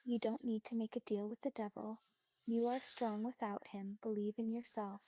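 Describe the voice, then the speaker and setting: A woman giving calm, polite, reassuring replies in an even chatbot voice. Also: fairly high pitch, moderate pace, no room sound.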